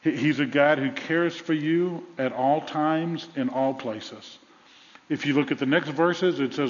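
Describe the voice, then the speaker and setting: A pastor with a Southern US accent preaching a sermon in a church, retelling a story with animated repetition. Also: male voice, on the high side, normal speed. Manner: animated storytelling with repeated phrases. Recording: echoey hall, dull lo-fi sound.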